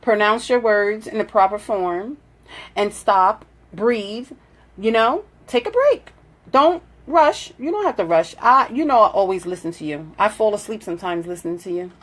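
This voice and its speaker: A woman's voice: medium pitch, animated, moderate pace. A woman hosting a casual live video, chatting, reading out viewer comments and coaching her daughter in a motherly way. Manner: chatty, reads out viewer comments and greets them warmly. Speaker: livestream host.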